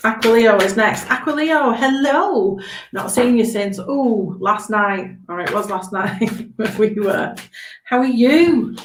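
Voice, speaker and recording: A woman's voice: a little high, measured pace, roomy sound, slight background noise, low-quality recording. A woman giving chatty, reassuring tarot readings on a live stream, often checking in with okay. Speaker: tarot reader.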